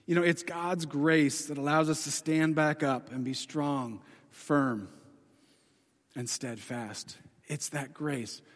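A man preaching a sermon in a casual, conversational way, telling the story dramatically and swinging from excited to hushed. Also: a little high. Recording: long hall reverb.

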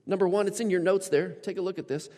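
A male pastor delivering a sermon, his voice sitting a little high for a man and ringing with a long church-hall reverb. He tells stories animatedly, slipping into the voices of the people he quotes. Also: fairly even intonation, quick pace, darkish tone.

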